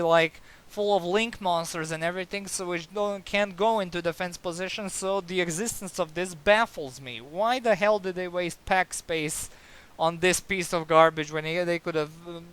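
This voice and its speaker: A man's voice: high-pitched, a bit bright, smooth. A man giving a casual card game review, sarcastic and exasperated, with many fillers and restarts.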